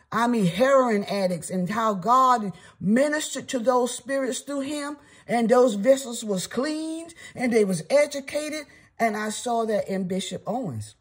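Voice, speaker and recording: An older woman in her seventies gives a Bible study lesson, her voice husky and a little breathy at a middle pitch. She teaches earnestly and keeps checking in with her listeners. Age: 70s.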